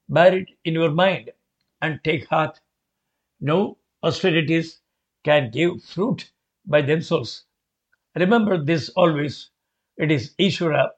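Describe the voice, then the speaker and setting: A devout scholar speaks with earnest respect, as a man reads his words aloud. The pace is very slow and deliberate. The sound is dull and lo-fi. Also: a little high. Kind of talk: reading a devotional memoir aloud. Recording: dull lo-fi recording.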